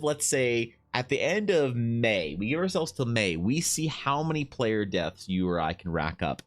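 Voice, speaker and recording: A man streaming while he draws, chatting casually and joking with viewers as he reads their messages. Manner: joking, teasing chat with swings in pitch. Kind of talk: casual live-stream chat.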